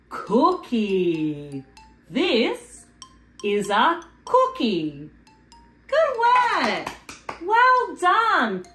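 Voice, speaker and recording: A woman presenting a video for toddlers in a slow, exaggerated, sing-song way, repeating words for little ones to copy. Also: on the high side, a bit bright. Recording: echoey room with faint music underneath.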